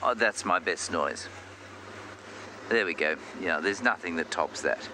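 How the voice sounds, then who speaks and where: A man's voice: low voice, a little slow. A man working as a safari guide, giving chatty, self-deprecating commentary on a live game drive from an open vehicle outdoors. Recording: outdoor noise from a moving vehicle.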